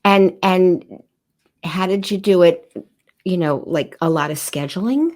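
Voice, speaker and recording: A woman hosting a podcast, asking her guest questions in an unhurried, gentle way with a few fillers. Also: fairly low pitch. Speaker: podcast host. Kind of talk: interview questions.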